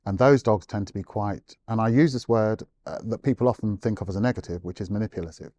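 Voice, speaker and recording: A man's voice: fairly low pitch, fast talker. A man, a guest animal behaviourist, explaining in an interview and acting out quoted owners and dogs. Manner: animated storyteller, acts out quotes.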